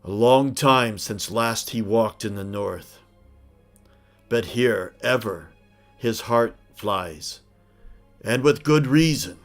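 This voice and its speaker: Troll chieftain, voiced by a man: huge, bellowing, slow, commanding, archaic speech. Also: soft background music. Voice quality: booming, bellowing. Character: huge loud male troll chieftain rallying his clans.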